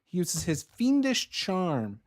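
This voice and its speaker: A man's voice: high-pitched, huge pitch swings, takes it slowly. A man narrating and explaining rules as the game master of a tabletop game.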